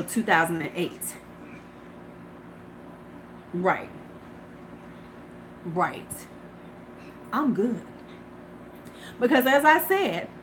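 A woman's voice: medium pitch, low-quality recording. A middle-aged woman chatting casually and profanely to viewers on a beauty livestream from her porch. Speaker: beauty vlogger. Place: home porch. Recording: faint ambient noise.

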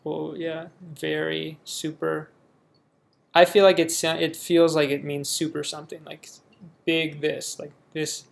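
A man's voice: on the high side, flat delivery, a little slow, vocal fry. A young man from the United States casually reading a word list aloud and reacting offhandedly in a vlog. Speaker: vlogger.

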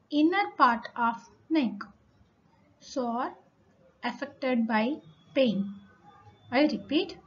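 A woman's voice: high-pitched, fairly bright tone. A woman teacher explaining a poem to school children, going carefully through meanings and repeating word lists. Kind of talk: recorded English lesson for school children. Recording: slightly dull, lo-fi recording.

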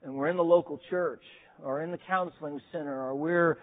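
A man gives a chapel sermon at a seminary in an easygoing, self-deprecating manner, often pausing on filler sounds. His voice sits high for a man. The recording is narrow and tinny, like a phone line. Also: fairly even intonation. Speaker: preacher.

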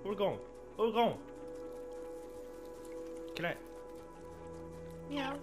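A man hosting a let's play, excitable and slangy, swearing freely and calling everyone bro and man. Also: high-pitched, takes it slowly. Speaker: gaming channel host. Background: game music.

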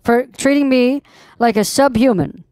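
A woman's voice: fairly high pitch, moderate pace, a little mellow, smooth, no room sound, studio quality. A woman posing as a customer on a prank call, confrontational and demanding, swearing when annoyed. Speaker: scam baiter posing as a customer.

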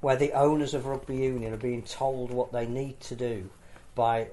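Man, co-host, casual sport chat, mellow tone, measured. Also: medium pitch, level tone. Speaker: podcast co-host. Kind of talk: casual discussion.

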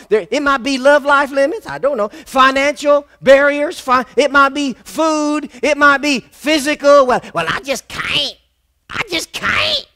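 A man with a strikingly high, bright voice preaches a sermon to his church. He drives points home through repetition and keeps calling on the congregation to say the words back to him. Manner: emphatic, repetitive, calls on the congregation to respond. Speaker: pastor.

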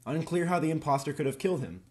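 A man's voice: a little high, animated, quick pace, a little mellow, natural voice. A young man reading as a formal case-file narrator. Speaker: narrator reading police evidence. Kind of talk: read-aloud case transcript narration.

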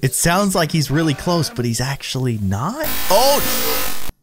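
Excitable guy in his 30s doing a let's play, voice jumping all over, gasps and laughs a lot. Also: on the high side, unhurried, music in the background. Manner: excitable, gasping and laughing at scares. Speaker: gaming video host. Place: home with his young son nearby.

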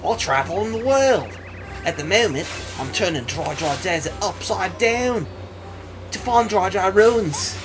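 Man doing a pompous old turtle adventurer, put-on Australian accent, lively swooping pitch, music playing. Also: a little slow. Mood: blustery. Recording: game music behind voice.

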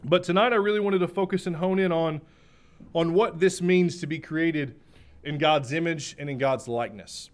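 A man delivering a sermon in a voice that sits a little higher than most men's. He is emphatic and repeats key phrases. He slows down to stress his main points and clears his throat from time to time. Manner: clears throat now and then. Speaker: preacher.

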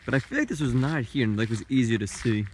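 A man's voice: medium pitch, fast, slight background noise. A young man vlogging outdoors by a lake on a handheld phone, narrating playfully to the camera. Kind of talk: casual travel vlog.

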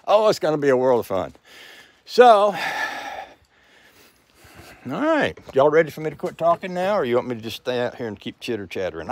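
With a darkish tone at medium pitch, an older man rambles folksily in a casual vlog recorded outdoors by his house. He comes across as tired and a bit out of breath, and there's slight background noise.

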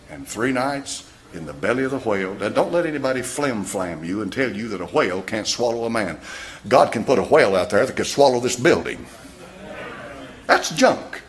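A man preaching a sermon in a church, firing rhetorical questions at his congregation. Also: lowish voice. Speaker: pastor.

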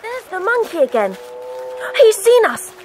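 A woman's voice: very high voice, very animated, measured pace, noisy background, exaggerated voice. A woman playing a bold, headstrong girl in a dramatized audiobook, speaking in an eager, commanding way. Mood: urgent excited.

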